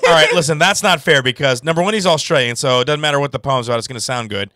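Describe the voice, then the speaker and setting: A man's voice: a little high, fast talker, sharp tone, no room sound. A male show host bantering with a caller in a joking, teasing way. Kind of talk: casual talk show banter.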